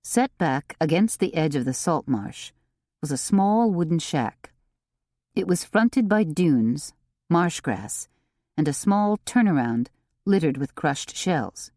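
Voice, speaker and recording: Slow, lively woman narrator. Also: low-pitched, no echo, studio quality. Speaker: audiobook narrator. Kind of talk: scripted narration.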